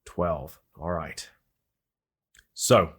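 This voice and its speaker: A man narrating and running a tabletop role-playing game as game master, describing scenes in a relaxed way. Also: sits low, breathy edge. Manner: relaxed, descriptive, quick with questions.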